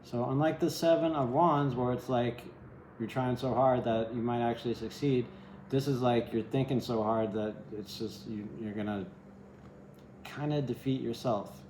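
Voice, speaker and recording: A man talks through a tarot spread in loose, meandering sentences, checking in with "right?" as he goes. His voice is mellow and relaxed, with wry, self-deprecating asides. The recording sounds roomy, with an echo around him. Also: mid-range voice, normal speed, slight background noise. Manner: rambling, keeps asking "right?". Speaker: tarot reader. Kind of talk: casual tarot reading. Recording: echoey room.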